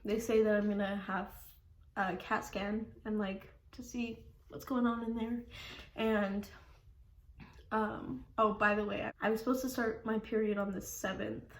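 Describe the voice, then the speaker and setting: A woman's voice: mid-range voice, flat delivery, measured pace. Young woman vlogger, rambling casual storyteller, says "like" a lot, laughs easily, roomy echo. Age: young adult. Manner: rambling, fills with "like", laughs often. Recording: echoey room.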